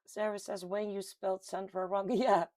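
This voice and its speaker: A Dutch woman from the Netherlands hosts a casual home livestream, reading viewer comments aloud; she's chatty and laughs often. Even so, her medium-pitched, darkish voice has a flat delivery at a moderate pace, with no echo.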